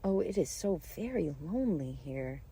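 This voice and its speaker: A woman voicing a polite, curious young girl who asks earnest questions slowly, reading a storybook. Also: low-pitched, very animated, mellow, a little hiss or hum.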